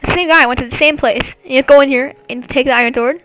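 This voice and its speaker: A woman with a high, bright, piercing voice gives excitable, taunting commentary on her own game straight to viewers. The sound is close and completely dry, picked up on a computer mic at home. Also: fast talker, dry recording, soft background music. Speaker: gameplay commentator.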